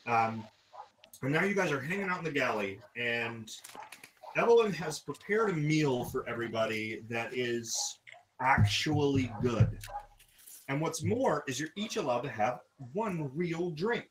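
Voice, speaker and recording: A man running a tabletop role-playing game, describing scenes in an unhurried way with frequent fillers. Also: medium pitch, lively intonation, a little hiss or hum, rough recording. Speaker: game master.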